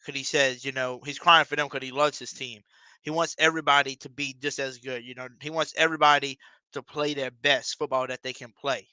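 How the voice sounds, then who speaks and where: A young man hosting his own football fan video, talking to viewers in a casual, excited way. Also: mid-range voice, fairly quick, smooth, no room sound, low-quality recording. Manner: excited, addresses viewers directly. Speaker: sports fan video host.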